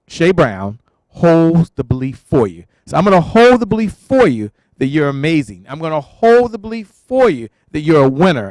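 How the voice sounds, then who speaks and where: Fast, high-energy male event emcee. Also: a little mellow, dry recording. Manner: hyped, repetitive, call-and-response. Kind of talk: energetic stage hosting. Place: event stage. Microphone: handheld stage mic.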